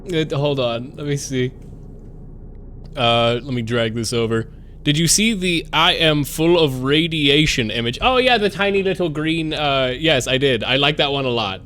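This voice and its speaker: A man chatting casually to his live-stream audience, rambling and excitable, swearing freely. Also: on the high side, normal speed, a little hiss or hum.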